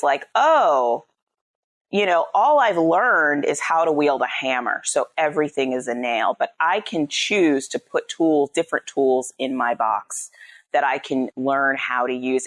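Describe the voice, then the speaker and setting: A middle-aged woman speaks as a podcast guest, explaining parenting ideas in an animated, conversational way. Her voice sits a little low, but her pitch swoops up and down a lot, and she often ends a point with "right?". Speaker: psychologist and parenting coach guest.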